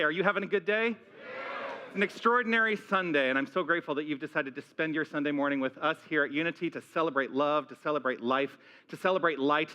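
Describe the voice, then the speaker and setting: A male senior minister with an American accent, giving an excited, high-energy welcome to his congregation, a little out of breath. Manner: enthusiastic, high-energy, exclaiming. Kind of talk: energetic church welcome and opening talk. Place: church sanctuary with a congregation.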